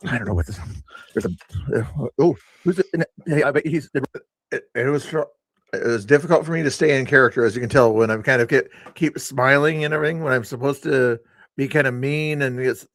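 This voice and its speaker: A man's voice: medium pitch, a bit bright, dry recording. Rambling older man talking to chat. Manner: chatty, talks to chat viewers, self-mocking. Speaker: streamer reviewing his own past stream. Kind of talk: rambling live-stream commentary.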